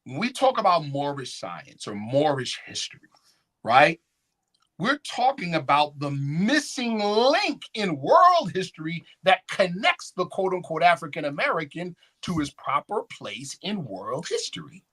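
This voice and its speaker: In a conference hall, a man lectures with slides, animated and often checking in with the audience through call-and-response questions. His voice is on the high side, his pace measured.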